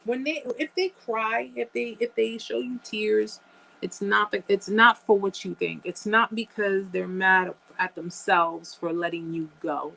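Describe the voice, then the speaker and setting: A woman's voice: medium pitch, fairly even intonation, a little slow, creaky, a bit bright, poor audio. A woman hosting a live chat, talking emphatically to her viewers, repeating phrases and calling them guys. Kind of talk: casual live-stream chat.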